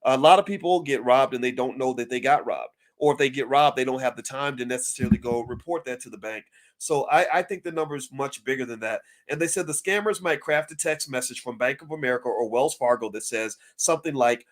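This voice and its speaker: Animated middle-aged man talking to camera. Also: medium pitch, fairly quick. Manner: animated, repeats words while talking things through. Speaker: finance commentator. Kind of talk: casual direct-to-camera commentary.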